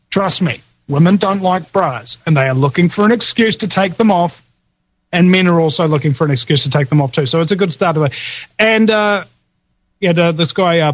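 A man's voice: on the high side, no room sound. A man hosting a podcast, casually running through past guests in a rambling way, with lots of fillers and chuckling asides. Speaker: podcast host.

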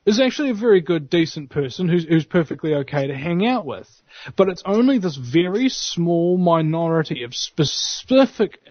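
A man with a New Zealand accent, a panelist on an online show who keeps an eye on the chat, talking in a chatty, rambling, animated way. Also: on the high side, no room sound. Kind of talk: casual online panel talk. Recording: muffled, dry online audio.

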